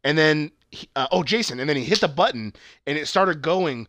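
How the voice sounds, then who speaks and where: A man's voice: a little high, lively intonation, a little fast, fairly bright tone, no room sound. A man co-hosting a casual chat about a TV show, rambling and swearing, with lots of fillers and restarts. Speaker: podcast co-host.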